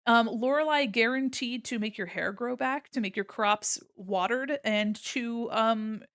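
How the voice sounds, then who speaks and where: Woman streamer, bubbly and giggly, higher voice, chatty ramble, dry sound. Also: measured pace, fairly bright tone, clean tone, dry recording. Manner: bubbly and giggly, with gushing greetings; rambling, with many fillers and restarts. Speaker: streamer and illustrator. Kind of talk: casual livestream chat while drawing.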